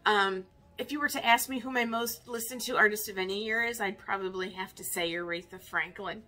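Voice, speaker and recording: A woman's voice: mid-range voice, fairly quick, pushed and bright. A woman in her fifties, a record collector chatting casually in a vinyl tag video, wry and self-mocking. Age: 50s.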